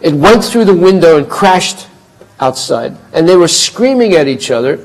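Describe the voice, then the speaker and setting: A man teaching a spiritual class, telling stories in an animated way and acting out the voices. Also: on the high side, moderate pace, rough recording. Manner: animated, acts out voices, chuckles. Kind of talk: storytelling class talk.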